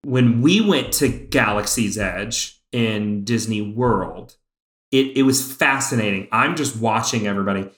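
A man co-hosting a casual chat, an excited fan who talks in bursts, now fast, now slow. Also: fairly low pitch. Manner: excited fan, speeds up and slows down. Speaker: podcast co-host. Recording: roomy echo.

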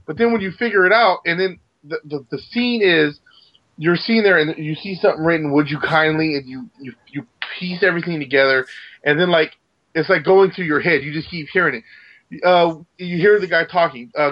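A man co-hosting a podcast, telling a story in an excitable, rambling way. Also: fairly high pitch, brisk. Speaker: podcast co-host. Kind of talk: casual podcast chat. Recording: dull lo-fi sound.

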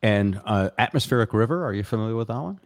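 A man's voice: on the low side, animated, quick pace, dry recording, clean studio sound. An older man hosting a casual live-stream chat show, talking in a rambling, jokey, self-deprecating way. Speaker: show host.

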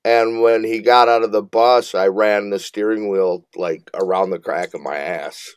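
A man guest on a podcast, wry and deadpan in his remarks. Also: lowish voice, measured pace, clear, resonant tone, no room sound. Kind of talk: casual podcast banter.

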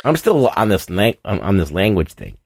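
Male podcast co-host, questioning tone, wide pitch swings, dry mic. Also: huge pitch swings, normal speed, vocal fry, darkish tone, breathy edge, no room sound. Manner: questioning, casually skeptical. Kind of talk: casual chat.

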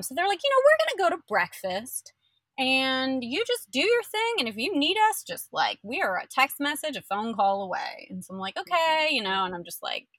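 A young woman telling her birth story in casual chat, animated and full of fillers, acting out the people she quotes. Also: mid-range voice, no echo.

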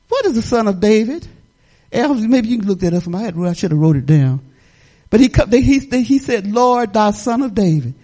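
A middle-aged woman pastor delivering a sermon with a wide, swooping melody. Her preaching is folksy and conversational, full of laughs and asides to the congregation. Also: mid-range voice. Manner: lively, folksy preaching with laughter and talk-back.

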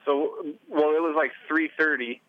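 A man's voice: on the high side, steady tone, moderate pace, dry recording, narrow, tinny audio. A man calling into a radio show, defending himself with sarcasm. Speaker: caller. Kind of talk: phoned-in radio argument.

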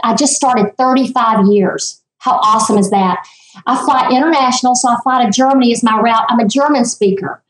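High-pitched woman in her fifties, emphatic and animated guest, roomy echo around her voice on the line. She tells stories with lively emphasis and speaks in a high voice. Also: a little fast. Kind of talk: casual interview chat.

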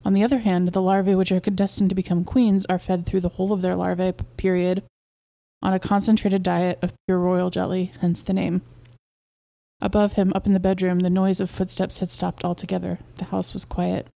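A woman podcast host narrating a short story in a steady, measured way. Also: fairly low pitch, vocal fry.

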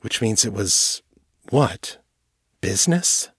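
A male narrator voicing a bewildered police psychologist who talks in a tense, hushed way. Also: on the low side, measured pace, breathy edge, no room sound, clean studio sound.

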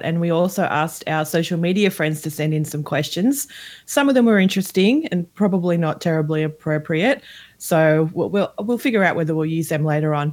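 A woman, from Australia, guest-hosting a podcast and asking relaxed interview questions. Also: on the low side. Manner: friendly, asks questions in a relaxed way. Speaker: guest host.

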